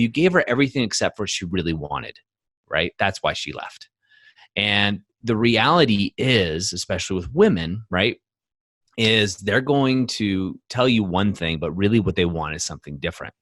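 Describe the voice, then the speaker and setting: A man co-hosting a podcast and coaching men, telling stories in an emphatic, animated way full of fillers. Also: low-pitched, no echo. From United States. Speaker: podcast co-host, men's coach. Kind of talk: casual podcast conversation.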